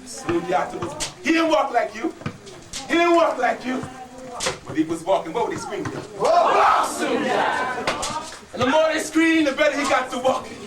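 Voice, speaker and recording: High-voiced dramatic male storyteller, echoey. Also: big pitch swings, moderate pace, a crowd in the background. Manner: dramatic, rhythmic call-and-response with listeners. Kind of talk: live oral storytelling to an audience. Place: live performance venue. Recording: echoey room, voice from far off.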